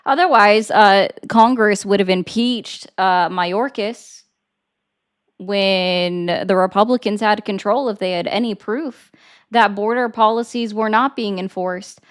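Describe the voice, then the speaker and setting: A woman's voice: medium pitch, measured pace, clear, resonant tone. A young woman hosting a political call-in debate, blunt and emphatic as she argues her points. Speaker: host.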